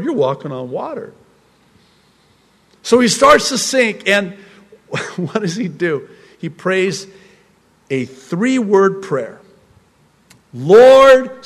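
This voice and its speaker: High-voiced, unhurried preacher in a reverberant hall. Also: male voice. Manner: humorous asides, laughs mid-sentence; lively storytelling. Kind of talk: sermon on a psalm.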